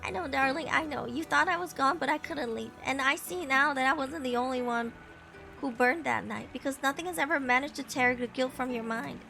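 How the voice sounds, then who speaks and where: A woman voicing a gentle, loving ghost of a mother in a video game, speaking softly and reassuringly. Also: sits high, a little fast, vocal fry, soft background music, heavily acted. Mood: tender. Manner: soft, tender, reassuring. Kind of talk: game voice acting.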